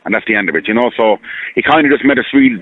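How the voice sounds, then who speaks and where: An Irish man speaks fast over a tinny phone line. He rambles, repeats himself and sounds earnest and hurt. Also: mid-range voice, animated, no echo. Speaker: caller. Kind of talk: phone-in radio call.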